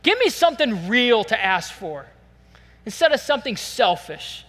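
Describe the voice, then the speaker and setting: A man preaching a sermon at a church service, earnest and animated, acting out prayers in the first person. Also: extremely high pitch, normal speed, in a large hall. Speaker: pastor.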